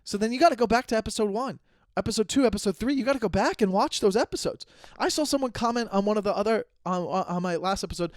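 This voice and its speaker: 30s guy rambling on his own comedy podcast, jokey and self-aware, slightly high voice, dry close mic. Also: quick pace, no echo. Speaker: podcast host. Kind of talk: solo comedy podcast monologue.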